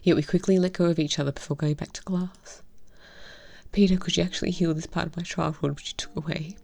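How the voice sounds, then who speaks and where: A woman reading a visual novel aloud and commenting on it, in a soft, half-whispered, heartfelt way. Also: lowish voice, fairly even intonation, fast, vocal fry. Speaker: game reviewer.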